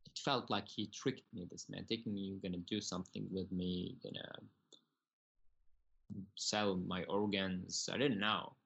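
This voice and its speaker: Low-voiced young man. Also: flat delivery, vocal fry, a bit bright, husky. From Syria. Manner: earnest, halting, with broken grammar and restarts. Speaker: podcast guest. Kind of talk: personal storytelling.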